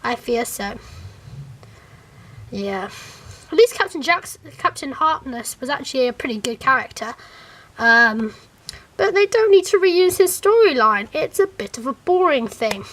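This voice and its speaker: A woman, chatting casually to camera as a fan reviewer, animated and rambling with plenty of fillers and restarts. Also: sits high, moderate pace.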